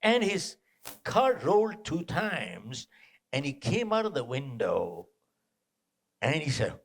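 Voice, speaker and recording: A man giving a live motivational talk to an audience, animated and punchy, repeating short phrases and throwing out rhetorical questions. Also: on the high side, takes it slowly, pauses often. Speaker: motivational speaker. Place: indoor event venue.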